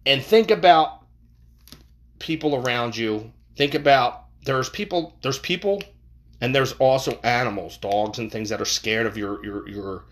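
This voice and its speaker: A man hosting a casual podcast monologue, rambling and cursing, jumping from loud bursts to mumbles, recorded on a boom-hung mic in an untreated room. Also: a little slow. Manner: rambling, profane, swings between loud and mumbled. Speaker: podcast host. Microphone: boom-hung microphone. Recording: slight room echo.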